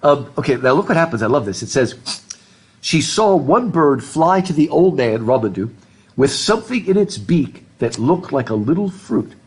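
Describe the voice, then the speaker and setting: Animated husky-voiced male professor. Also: medium pitch. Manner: animated, reads passages aloud, jokes with students. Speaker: literature professor. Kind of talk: classroom lecture. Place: classroom.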